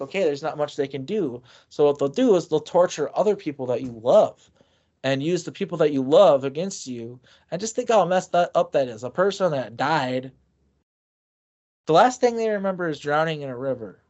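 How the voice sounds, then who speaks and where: A man's voice: fairly high pitch, a little mellow, lo-fi sound. A man telling his own story as an interview guest, rambling and often restarting his sentences. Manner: loose, rambling, frequent restarts. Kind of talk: casual first-person storytelling.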